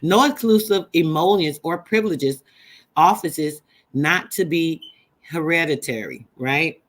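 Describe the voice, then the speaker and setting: A woman's voice: low-pitched, a little slow. Emphatic woman preaching to her live chat. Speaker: livestream host. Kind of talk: live-stream teaching chat.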